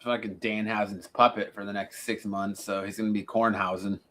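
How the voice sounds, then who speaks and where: A man's voice: lowish voice, little pitch movement, brisk, fairly bright tone, slight background noise, rough recording. A man hosting a casual wrestling podcast, blunt and opinionated, swearing now and then. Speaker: podcast host.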